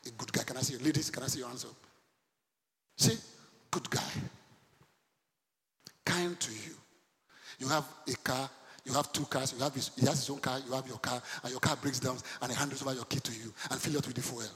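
A man preaching a sermon to a congregation, animated, quizzing his listeners and breaking into laughter and loud outbursts. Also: medium pitch, a little fast, long pauses. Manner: animated preaching, sudden shouts and laughs, asks the congregation questions. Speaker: pastor. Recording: long hall reverb.

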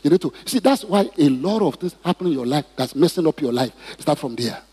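A man's voice: fairly high pitch, expressive, a little fast, darkish tone, husky. A man preaching a sermon in church, asking the congregation questions and drawing responses. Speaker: pastor. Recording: reverberant hall.

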